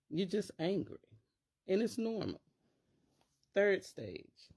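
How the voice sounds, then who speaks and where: A woman's voice: mid-range voice, big pitch swings, takes it slowly, long pauses, darkish tone, slightly rough. A middle-aged woman, a teacher and parent, talking casually to camera and acting out worried inner voices in quotes.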